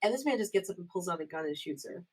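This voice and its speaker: A woman co-hosting a podcast in casual chat, animated and laughing often, acting out scenes with loud quoted lines. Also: lowish voice, racing, husky. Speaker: podcast co-host.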